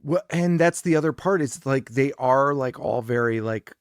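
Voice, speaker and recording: A man co-hosting a podcast, chatting casually and excitedly about a horror movie, swearing often. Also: mid-range voice, moderate pace, clear, resonant tone, no room sound, studio quality. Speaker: podcast co-host.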